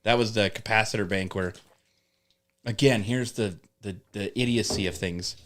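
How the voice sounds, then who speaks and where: A man's voice: on the low side, moderate pace, a bit bright. A man telling rambling work stories in casual chat, swearing often and acting out coworkers. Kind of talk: casual storytelling with profanity.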